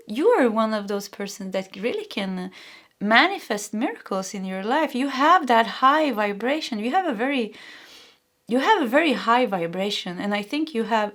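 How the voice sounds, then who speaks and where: A woman with a Swedish accent giving an intuitive tarot reading, soft and earnest, speaking straight to the listener and often stopping to restart her sentences. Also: on the high side, lively intonation. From Sweden. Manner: soft, emotional, halting with many restarts; earnest and encouraging, addressing the listener directly. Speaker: tarot reader.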